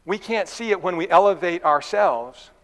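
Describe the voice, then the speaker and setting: A man with a high-sitting voice preaches a sermon in a church at a moderate pace. He talks in a conversational, folksy way, adding asides and telling a fable, and the church hall's long reverb fills the recording.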